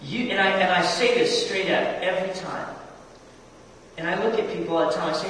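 Picked up by a distant mic in an echoey church hall, this pastor's voice sits high and sounds fairly bright, with a brisk delivery and a little hiss or hum. He speaks straight to his congregation, posing questions as he preaches.

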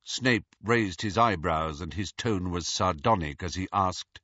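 A man narrating an audiobook, reading in a slow, deliberate and expressive way on a close studio mic. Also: deep voice, no echo, muffled recording. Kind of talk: scripted narration.

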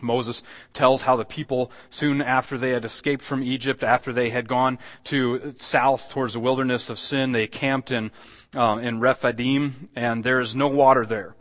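Here the preacher's voice sits in the mid range, steady and fairly bright, moving at a normal speed. Earnest and conversational, he asks his congregation rhetorical questions while a long reverb fills the hall.

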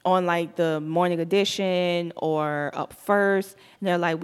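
Young Southern woman, podcast host, slight lisp, animated slangy chat with frequent laughs. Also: lowish voice, unhurried, hardly any pauses, smooth. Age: young adult.

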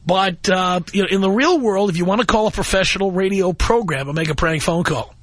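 A man's voice: sits high, fairly quick, fairly bright tone, slightly rough, dry recording. A man hosting a call-in radio show, talking in a wry, mocking, lecturing way into a close studio mic. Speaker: radio talk show host.

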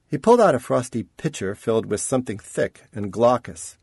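A man narrating an audiobook in a measured, expressive storytelling manner. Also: medium pitch, vocal fry, husky, no room sound, studio quality. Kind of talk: scripted narration.

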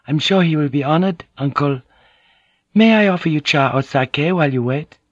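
A man's voice: a little high, moderate pace, dry recording, lo-fi sound, voice pushed up, lightly acted. Man raising his voice into a timid polite young noblewoman, soothing, deferential, dry sound. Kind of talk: audiobook character reading.

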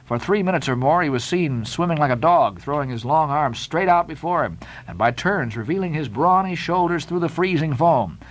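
Male audiobook narrator, expressive, dramatic, slightly raised voice, lively pitch swings. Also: normal speed, few pauses, rough recording. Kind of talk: scripted narration of a classic novel.

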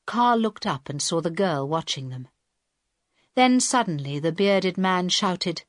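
A woman narrates an audiobook in a slow, unhurried voice that sits a little low. The recording is dry and close, with no room sound. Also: expressive, no room sound. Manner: slow, deliberate reading with quiet voiced dialogue. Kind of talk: scripted narration.

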